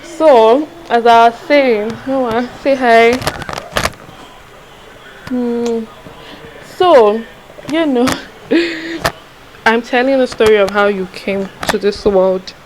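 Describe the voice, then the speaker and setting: A young woman chats to her viewers in a loose storytime vlog, circling back over her words and asking if they understand. Her voice sits a little high for a woman. A faint hiss of background noise runs under the recording. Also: slow pace. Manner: rambling, confiding, repeats herself, asks "do you understand?". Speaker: vlogger. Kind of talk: casual storytime chat.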